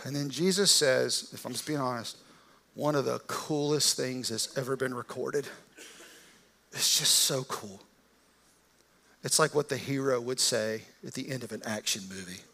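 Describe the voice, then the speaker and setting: A man's voice: mid-range voice, pushed and bright. Casual storytelling male preacher. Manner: casual storytelling, vivid and conversational. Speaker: pastor. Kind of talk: sermon.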